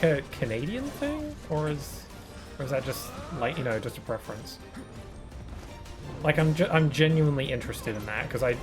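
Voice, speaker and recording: British guy on a game stream, rambly casual chat, keeps restarting sentences, bit of game music in the back. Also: mid-range voice. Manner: chatty and rambling, with frequent restarts. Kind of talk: casual live-stream chat while gaming.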